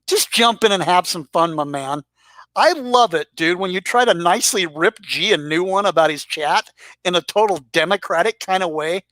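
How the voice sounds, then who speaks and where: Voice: medium pitch, expressive, normal speed, a bit bright, dry recording. A YouTube commentator talking casually and crudely as he roasts the regulars of a live-stream chat, teasing and rambling. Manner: rambling with restarts. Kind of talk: casual profane roast monologue.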